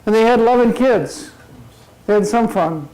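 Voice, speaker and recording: An older man giving a humorous motivational talk at a club meeting, telling jokes deadpan. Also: sits high, moderate pace, crowd noise, low-quality recording. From Minnesota. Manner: deadpan joke-telling to a laughing audience. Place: meeting room before a live audience. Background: audience laughter.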